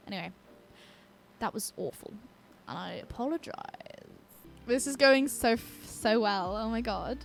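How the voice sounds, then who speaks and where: Slightly high and creaky, her voice has lively intonation, a somewhat slow pace, and long pauses. She is a young British gaming YouTuber chatting and rambling over her own gameplay, giggling and cutting off swears, while her own song plays softly.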